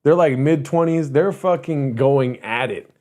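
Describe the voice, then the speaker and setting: A man's voice: mid-range voice, a little slow, warm tone. A man in his thirties, a streamer host, telling a story to his live chat in a rambling, profane way. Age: 30s. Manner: rambling, profane, self-interrupting.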